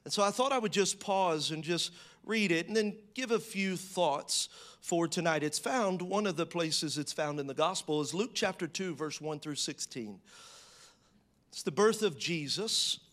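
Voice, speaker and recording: A man with a notably high voice gives a sermon. He chats with the congregation and tells a funny story in an easy, conversational style before turning serious. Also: expressive, a little slow, a bit bright. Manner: conversational and joking, telling stories to a congregation. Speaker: pastor.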